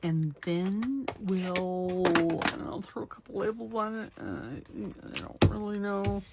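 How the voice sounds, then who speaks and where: A middle-aged woman on a craft channel cuts, sews and inks while chatting casually, poking fun at herself and talking to herself. Her medium-pitched voice is slow, and the audio is very noisy.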